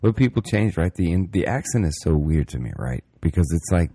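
Deep-voiced man, lively and sweary. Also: fairly quick, husky, no echo. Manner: swears freely, laid-back and animated. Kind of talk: casual chat.

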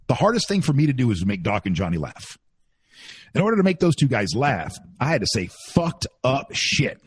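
Lively husky-voiced man telling stories. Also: medium pitch, moderate pace. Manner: animated storytelling, mimics announcer voices. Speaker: former radio host. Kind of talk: casual podcast chat.

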